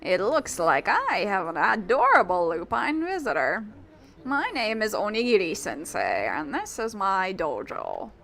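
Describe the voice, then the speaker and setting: Voicing a video game's eccentric, bragging old male dojo master, a woman reads dialogue aloud in a heavily acted, theatrical, grandiose style with a slightly British put-on accent. Her medium-pitched voice is gravelly and fairly bright, a little slow, with huge swings in pitch.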